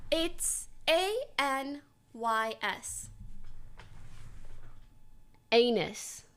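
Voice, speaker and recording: A young woman streamer telling a story in casual chat to her viewers, giggling often and talking in an animated way. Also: high voice, measured pace.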